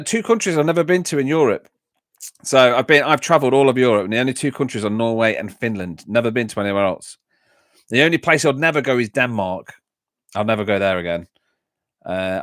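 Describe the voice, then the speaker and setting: A man's voice: medium pitch, a bit bright, no echo, clean studio sound. Chatty Midlands man on a livestream. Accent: English Midlands. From English Midlands. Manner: chatty, laughs often, rambling anecdotes. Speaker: YouTube channel host. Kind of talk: casual livestream chat reading comments.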